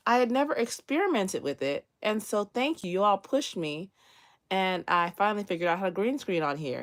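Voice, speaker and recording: A woman's voice: mid-range voice, animated, brisk, fairly bright tone. A woman chatting casually on a livestream from her room, laughing often and telling stories animatedly. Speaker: livestream host. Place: bedroom near closet, indoors.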